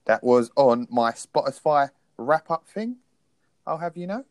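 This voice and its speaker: A man's voice: medium pitch, a little slow, dry recording, clean studio sound. A man co-hosting a podcast, chatting casually and poking fun at himself. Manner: lively, self-deprecating banter. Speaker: podcast co-host. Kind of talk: casual chat.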